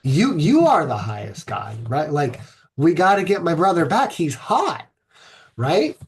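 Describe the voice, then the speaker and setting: A man's voice: on the high side, big pitch swings, unhurried, slight background noise. A man voicing a grieving young goddess who pleads with her father, in a casual storytelling retelling. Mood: pleading. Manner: indignant, whiny pleading.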